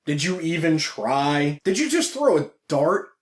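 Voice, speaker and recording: Brief: man with a fairly high voice, blunt, profane, enthusiastic vlog review, echoey room. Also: sing-song, measured pace. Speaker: vlogger reviewing a film. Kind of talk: casual opinionated review.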